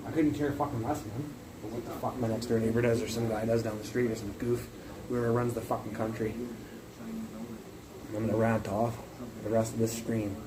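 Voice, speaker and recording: A man's voice: lowish voice, fairly even intonation, a little fast, long pauses, noisy background. A man livestreaming from his phone, ranting in a rambling, profane, casual way. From Canada.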